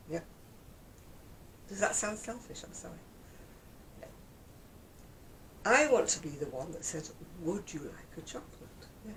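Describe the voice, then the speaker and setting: A woman's voice: lowish voice, slight background noise. An older woman, chatting casually to camera in a vlog and ranting with exasperated humour. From England. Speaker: vlogger.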